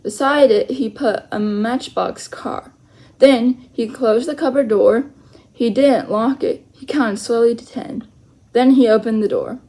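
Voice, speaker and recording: A woman reading a children's chapter book aloud, slowly and carefully, with small self-corrections. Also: a little high, mellow. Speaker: storyteller.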